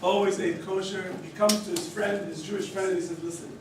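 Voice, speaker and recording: A man's voice: high voice, brisk, background noise. A rabbi teaching a group through story cases, acting out the characters' lines and quizzing his listeners. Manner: animated storyteller who acts out the characters' quoted lines; quizzes listeners with questions and chuckles. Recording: very echoey room, voice from far off.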